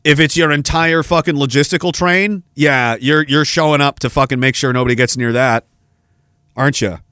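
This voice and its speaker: A man's voice: fairly high pitch, normal speed, clear, resonant tone, no room sound. Guy ranting on his podcast, swears a lot, rambles, dry close mic. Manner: profane, rambling, animated rant. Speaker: podcast host. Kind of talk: ranting monologue.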